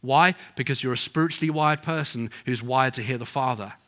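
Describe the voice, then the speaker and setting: A man's voice: medium pitch, a little fast, pushed and bright. A middle-aged man preaching a sermon, telling stories and acting out the people in them. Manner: storytelling, acts out quoted voices.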